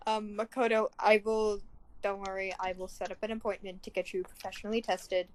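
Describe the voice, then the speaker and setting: A woman's voice: medium pitch, little pitch movement, fairly quick, poor audio. A woman chatting with friends while playing a game, hesitant and politely formal. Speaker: player voicing a friend character. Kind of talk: casual game chat with friends.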